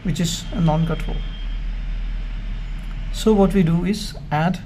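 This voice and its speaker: A man teaching Hebrew grammar in a slow, measured way, explaining step by step with pauses. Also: sits high, warm tone, slight background noise. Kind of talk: slow, methodical grammar lesson.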